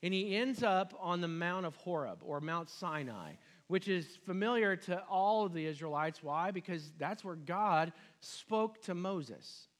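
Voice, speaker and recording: A pastor preaches in a relaxed, conversational way, retelling scripture in everyday words. His voice sits a bit higher than most men's. He often turns to the listeners with questions and acts out the quoted speech, dropping low and rising high. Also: a little slow, hardly any pauses. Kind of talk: sermon.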